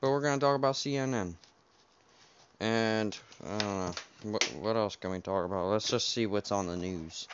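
A man's voice: fairly low pitch, normal speed. A young man hosting a casual first podcast, rambling and unsure, with lots of fillers, at home by his game console. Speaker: podcast host. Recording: dull lo-fi home recording, faint keyboard noise.

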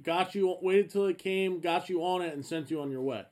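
High-voiced man with dry teasing asides. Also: normal speed, darkish tone. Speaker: friend chiming in. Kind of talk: casual chat.

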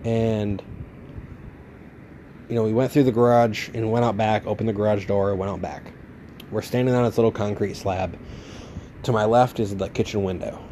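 Man, low pitch, dark mellow tone, casual rambling, profane, faint background noise. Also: steady tone, normal speed, long pauses. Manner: rambling, profane, laid-back. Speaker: podcast host. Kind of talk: casual storytelling monologue.

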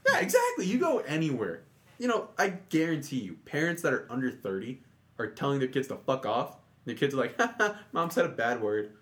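Young guy swapping stories, voice jumps all over when he imitates people, laughs a lot. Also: a little fast. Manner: animated storytelling, mimics people in jumps of pitch, laughs often. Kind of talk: casual chat.

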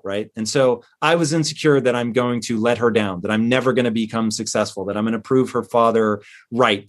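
A middle-aged man speaks as a podcast guest, his voice pitched squarely in the ordinary middle range. He tells a personal story with emphatic, animated delivery, leaning hard on key words and dropping in the odd swear.

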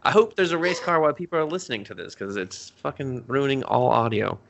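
Rambling, profane young man with a lively voice. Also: quick pace, gravelly. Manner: rambling, profane, laughs often, acts out characters in a high voice. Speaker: podcast co-host. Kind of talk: casual chat, recapping an anime episode.

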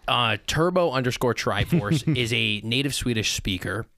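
A man with a bright, tense voice co-hosting a sports podcast, walking through an explanation step by step with frequent ums. The recording is dry and close. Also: medium pitch, expressive, normal speed, no echo. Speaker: podcast co-host. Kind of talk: casual sports chat.

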